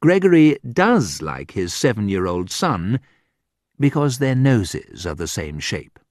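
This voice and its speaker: Slow, lively-voiced male narrator. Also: fairly low pitch, dry recording, clean studio sound. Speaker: audiobook narrator. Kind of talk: scripted narration of a graded reader.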